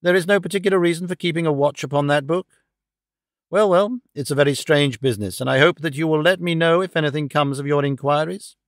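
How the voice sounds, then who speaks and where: A man's voice: on the high side, fast, dry recording, lightly acted. A businesslike shop manager who answers politely and plainly, as a male audiobook reader puts him on. The recording is close and dry. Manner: polite, matter-of-fact.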